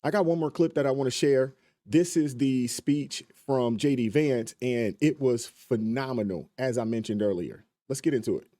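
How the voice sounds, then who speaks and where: A man's voice: medium pitch, normal speed, mellow, no room sound. A man hosting a reaction video, talking conversationally with emphatic remarks and fillers. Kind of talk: casual commentary.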